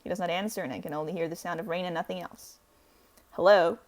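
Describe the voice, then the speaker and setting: A woman's voice: on the low side, quick pace. A woman reading a visual novel aloud, breaking in with dramatic outbursts and jokey asides. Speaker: gaming streamer.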